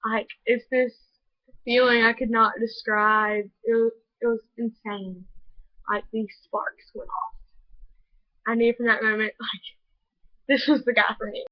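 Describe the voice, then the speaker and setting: A woman's voice: on the high side, level tone, unhurried, no echo. A teenage girl telling a personal story in a vlog, earnest and gushing, with many "like" fillers. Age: teens. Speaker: vlogger. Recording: dull lo-fi home video audio.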